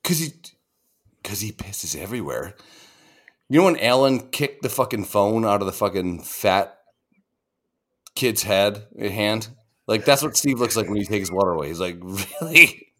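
A man's voice: lowish voice, animated, normal speed, pauses often. A man co-hosting a podcast, telling rambling, profane stories in casual chat. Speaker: podcast co-host.

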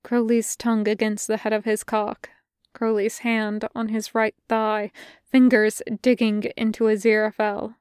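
Smooth-voiced woman reading a podfic. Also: on the high side, level tone, measured pace, a little mellow, no echo, clean studio sound. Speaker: podfic reader. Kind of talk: fan fiction audiobook narration.

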